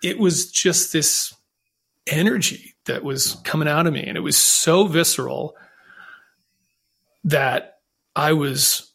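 Earnest man with a gravelly voice. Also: on the high side, slow, pauses often, a bit bright. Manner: earnest, reflective, with frequent restarts. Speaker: podcast guest. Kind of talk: candid conversational storytelling.

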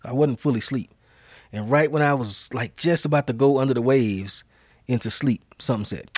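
Animated slangy male storyteller. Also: mid-range voice, moderate pace, no echo, studio quality. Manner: animated, slangy storyteller who acts out quotes. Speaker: podcast host. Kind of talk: casual storytelling chat.

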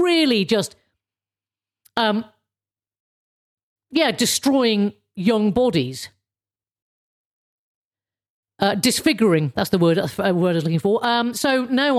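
A woman ranting casually to camera in a rambling, sarcastic way, swearing often and restarting her sentences. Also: mid-range voice. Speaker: vlogger.

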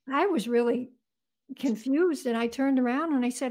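A woman with a noticeably high voice, a guest on an interview show. She tells her story earnestly and step by step, lingering on vivid details. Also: fairly even intonation, moderate pace. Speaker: guest author.

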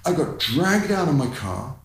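A man, a guest telling a personal story in conversation, animated and candid, his voice climbing in the tense parts, with fillers and swearing. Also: mid-range voice, a little slow, roomy sound, low-quality recording. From London, England.

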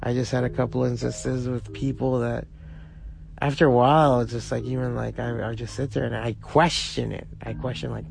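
A man's voice: medium pitch, little pitch movement, moderate pace, gravelly. A man hosting a podcast, rambling in a casual monologue and swearing freely. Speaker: podcast host. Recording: music playing underneath.

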